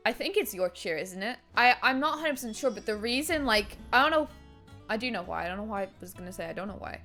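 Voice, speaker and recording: A woman's voice: fairly high pitch, animated, fast, sharp tone, soft background music. A woman streaming a video game, chatting casually, laughing often and swearing as she reacts. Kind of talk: casual gaming commentary.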